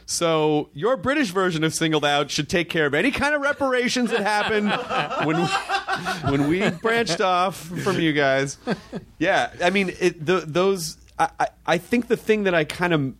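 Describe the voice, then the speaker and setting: American man, host, slightly high voice, jokey, quick quips, stammering restarts. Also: animated, fairly bright tone. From United States. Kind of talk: casual conversation.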